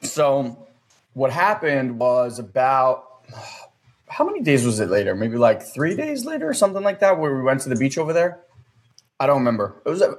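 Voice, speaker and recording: A man in his thirties telling a personal story in a casual, rambling way, earnest and full of fillers. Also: medium pitch.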